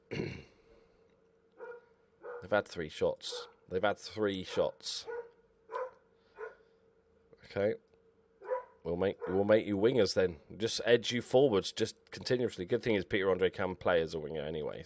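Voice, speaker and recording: A man commentating over his own football management game, excitable and swearing at his players. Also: medium pitch, slight background noise. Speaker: gaming YouTuber. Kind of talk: Let's Play commentary.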